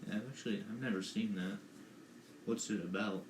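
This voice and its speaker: Speaking fairly quickly in a steady, fairly low voice, this young male podcast co-host rambles and hedges through casual conversation. Faint noise and echo come from the room he's recorded in.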